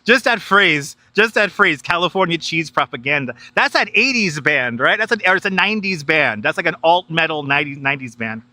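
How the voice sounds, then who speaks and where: Fairly quick and animated, with hardly any pauses, a man's fairly high voice sounds pushed and bright in a dry recording. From New York, he live-streams a casual walking tour through a large city park on a wireless clip-on mic, chatty and easy to laugh as he reads viewer chat.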